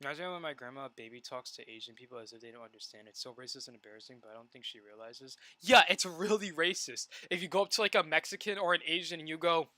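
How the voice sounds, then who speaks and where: A young adult man talking casually on a live stream while gaming, rambling and animated, full of "like" and stop-start restarts. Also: high voice, fast talker, few pauses, dry recording. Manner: rambling and animated, heavy use of "like" and repeated restarts.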